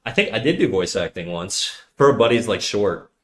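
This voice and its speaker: Young man, live streamer, bassy nasal voice, stuttering, fast rambling, casual, swears, says dude a lot. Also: big pitch swings. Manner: fast rambling talk with frequent stutters and restarts; swearing, slangy, calls listeners dude. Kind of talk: casual chat reading viewer comments.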